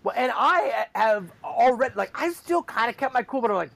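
A man in his forties, casually telling a story about his kids and acting out their shouting. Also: sits high, normal speed, gravelly. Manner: animated, acts out shouting kids. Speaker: parent telling a family story.

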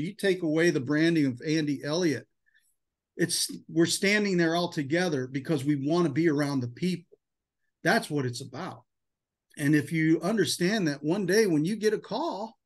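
A man leading a sales team, giving an emotional, hype-filled motivational talk in a casual style full of "man" and "dude". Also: a little high. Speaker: insurance sales team leader.

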